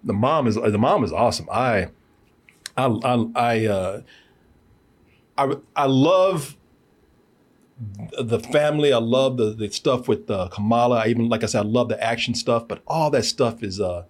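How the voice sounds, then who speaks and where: A man hosting a casual movie review podcast, animated and laughing often, tripping over repeated words. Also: mid-range voice, unhurried, long pauses. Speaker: podcast host.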